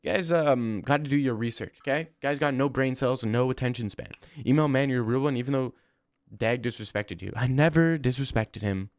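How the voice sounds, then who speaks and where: A man's voice: medium pitch, brisk, no echo, studio quality. A young man hosting a livestream, chatting casually and reading viewer comments, rambling and slangy. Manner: rambling, slangy, says "bro" often. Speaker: livestream host.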